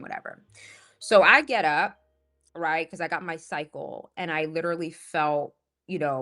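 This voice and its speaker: A woman's voice: deep voice, bright, forceful tone. A woman who works as a spiritual life coach tells a story in a casual monologue, assertive and emphatic, often asking "right?".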